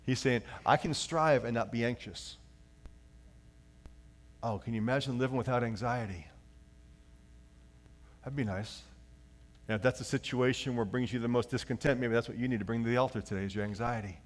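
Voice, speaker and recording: Animated male pastor preaching a sermon. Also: medium pitch, fast talker, pauses often. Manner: animated preaching, slips into acted voices; leads the congregation in reading aloud.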